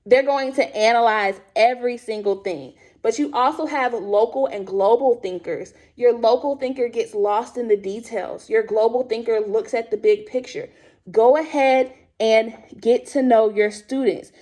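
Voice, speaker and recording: A woman who teaches high school drama, presenting teaching tips to other teachers in a lively, chatty and direct way. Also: normal speed.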